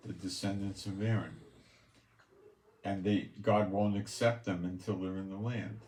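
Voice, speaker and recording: A man's voice: sits low, steady tone, measured pace, a little hiss or hum. A man preaching from scripture, reading verses aloud and adding blunt, scornful commentary. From Israel. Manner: blunt and scornful, stressing scripture passages loudly. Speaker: preacher and Bible teacher. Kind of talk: Bible-reading sermon with commentary. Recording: echoey room.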